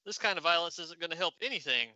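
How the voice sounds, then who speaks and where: A man voicing a young male hero who tries to calm a crowd, read from a comic. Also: fairly high pitch, quick pace, no room sound, highs cut off. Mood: pleading.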